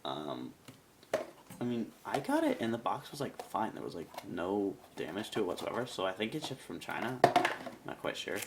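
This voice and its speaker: Gravelly, lively-voiced man reviewing a cube. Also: lowish voice, background noise. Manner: rambling, chatty, self-mocking asides. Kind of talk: casual product review.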